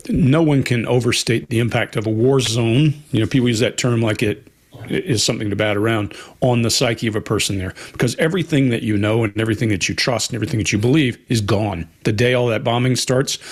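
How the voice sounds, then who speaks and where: A man co-hosting a live Q&A on body language, speaking earnestly and repeating points for emphasis. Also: mid-range voice. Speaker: co-host, body language expert. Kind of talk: live Q&A chat.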